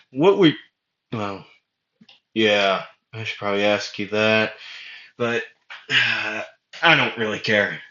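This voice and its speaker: A man's voice: on the low side, pushed and bright. A man voicing a brash young male ninja hero who talks casually and gives offhand orders, in a fan-made spoken story. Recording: echoey room, dull lo-fi sound.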